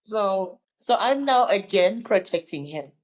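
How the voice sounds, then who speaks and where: A woman's voice: medium pitch, expressive, a little slow, rough recording. A woman in her fifties from Zimbabwe, a guest recounting her life story in an interview and acting out the people she quotes. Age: 50s.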